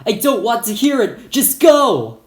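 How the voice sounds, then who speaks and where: A furious school principal scolds and shouts in a raised, strained voice, as a male narrator plays him. The sound carries an echoey room. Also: very high-pitched, very animated, unhurried, pitched above the performer's own voice, heavily acted.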